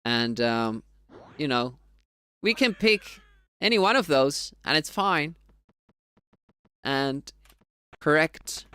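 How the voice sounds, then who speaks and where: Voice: medium pitch, animated, takes it slowly, pauses often, bright, forceful tone, clean tone, no echo. A streamer from Finland with a Finnish accent and Finnish as a first language, chatting casually with viewers on a live speedrun stream, rambling and laughing often.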